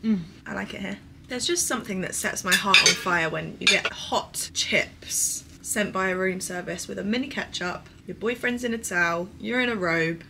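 A woman's voice: mid-range voice, normal speed, gravelly. Bubbly young woman vlogging in a roomy hotel room. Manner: bubbly, chatty, casual swearing. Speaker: lifestyle vlogger. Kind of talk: casual chatty vlog talk to camera. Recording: roomy hotel room, slightly distant mic, faint noise.

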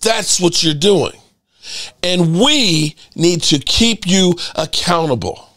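A fired-up man hosting his own sports channel, ranting hard with cursing and repeated jabs. His voice sits high for a man and leaps all over the place as he hammers each point. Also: lively intonation, slow, fairly bright tone. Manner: heated, profane, repetitive. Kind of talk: ranting commentary.

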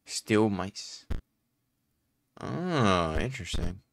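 A young man commentating a card game as he plays. His voice sits low but swings widely, and he reads card text aloud between excitable reactions. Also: drawn-out words, gravelly, a little hiss or hum. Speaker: gaming let's-play host. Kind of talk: casual gameplay commentary.

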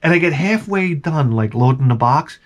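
Animated rambling male toy vlogger. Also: on the high side, normal speed. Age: adult with a young son. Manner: rambling, animated, acts out quoted voices. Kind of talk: casual storytelling monologue.

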